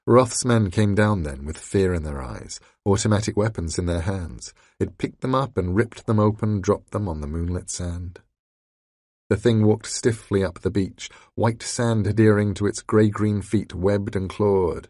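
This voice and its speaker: Gravelly low-voiced male narrator. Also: a little slow, dry recording, studio quality. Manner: dark, sardonic storytelling. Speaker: audiobook narrator. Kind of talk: scripted first-person narration.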